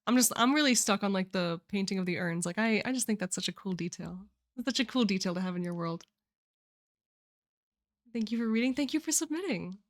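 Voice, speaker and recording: A young woman hosting her own livestream, chatting about the viewer entries she reads. She gushes and rambles, tripping over restarts and piling on filler words. Her voice sits in an ordinary middle pitch. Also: expressive, a little fast. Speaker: livestream host. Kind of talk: casual chat reading viewer submissions on a livestream.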